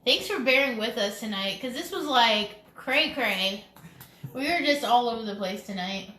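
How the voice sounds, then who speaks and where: Bright, giggly woman. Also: fairly high pitch, animated, moderate pace. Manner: giggly, chatty, rambling. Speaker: co-host of a live stream. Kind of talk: casual chat. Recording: echoey room.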